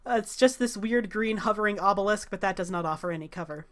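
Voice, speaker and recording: A woman narrating a tabletop game as game master, relaxed, with many filler sounds. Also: medium pitch, fast talker.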